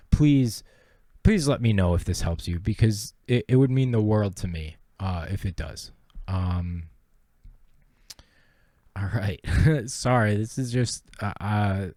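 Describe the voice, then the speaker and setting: A man's voice: mid-range voice, a little mellow, no echo. A young man hosting a podcast, telling his personal story in a rambling, profane and earnest way. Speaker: podcast host.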